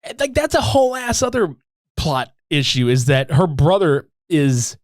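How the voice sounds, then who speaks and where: This one features a fairly high-pitched young man at a moderate pace, co-hosting a casual movie-review podcast. Laughing often and cursing as he goes, he eagerly walks through the plot and voices the characters himself. The studio sound is clean, with no echo.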